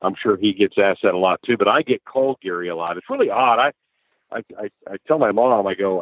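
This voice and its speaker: A man, a sportscaster from the American Midwest, telling stories in a casual interview with lively restarts and laughs. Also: fairly low pitch, brisk, no echo. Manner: animated storyteller, frequent restarts and laughs. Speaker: sportscaster guest. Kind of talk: conversational interview storytelling. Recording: dry, phone-like narrow line.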